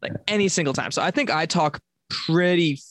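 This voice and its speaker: A man's voice: fairly high pitch, fairly quick, a bit bright, no echo. A young man from Long Island with a mild Long Island accent, chatting casually as a podcast co-host and rambling with lots of fillers. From Long Island, New York. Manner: rambling, filler-heavy, self-correcting. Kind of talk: casual chat.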